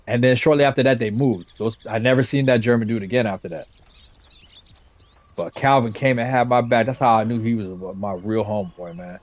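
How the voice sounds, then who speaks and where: A man's voice: medium pitch, fairly even intonation, a little fast, highs cut off. A man, chatting casually while he plays. He talks in laid-back, profane street slang and keeps checking in with "you know what I'm saying" and "right?". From west side of San Jose, California. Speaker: gaming streamer. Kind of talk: casual storytelling chat.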